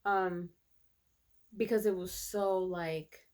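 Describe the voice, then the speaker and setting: A woman's voice: medium pitch, steady tone, slow, darkish tone. A woman in a casual episode recap, chatty and hesitant with many fillers. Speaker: show reviewer.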